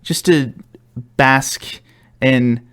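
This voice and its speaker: A man's voice: medium pitch, extremely slow, smooth. A young man co-hosting a podcast, chatting casually, rambling and laughing as he stumbles and restarts. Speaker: podcast co-host. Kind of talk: casual chat.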